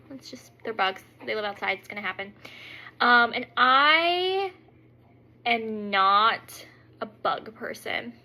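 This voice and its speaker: A woman's voice: fairly high pitch, low-quality recording. A woman in her thirties chatting casually at her kitchen table at home, telling a rambling story full of "like" and "um". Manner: rambling, heavy use of "like" and "um"; animated storyteller who acts out quotes. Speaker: makeup vlogger.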